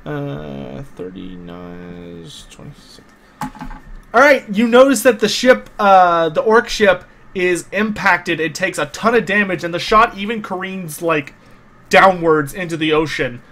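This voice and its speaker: Higher-voiced man running a tabletop game. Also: big pitch swings, measured pace, creaky, fairly bright tone, slight background noise. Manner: loose, filler-heavy narration with many restarts. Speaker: game master.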